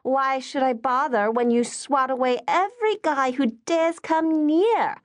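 A curt, guarded young woman, as a female narrator puts her on, clipped and tight-lipped. Her voice sits well above the narrator's own and stays lively. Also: a little high, slow pace, no echo, studio quality, voice pushed up. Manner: curt, through gritted teeth.

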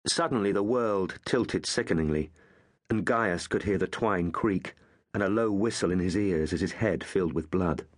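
A man narrating an audiobook with measured, expressive storytelling. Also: deep voice.

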